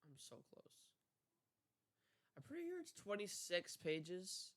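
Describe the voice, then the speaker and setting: A man's voice: sits high, huge pitch swings, takes it slowly, a bit bright, no echo. A young man reading a poem aloud casually, stumbling over words and swearing at himself in asides. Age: young adult. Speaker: reader.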